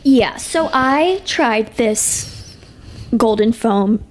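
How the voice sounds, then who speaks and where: A woman's voice: fairly high pitch, expressive, very slow, a little hiss or hum. Upbeat rambling young woman co-host. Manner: rambling, filler-heavy, upbeat. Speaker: podcast co-host. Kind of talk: casual chat.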